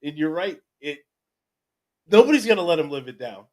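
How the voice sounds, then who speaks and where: A man co-hosting a sports talk show, agreeing in a halting way and repeating words as he starts. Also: fairly high pitch, very animated. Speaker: sports podcast co-host.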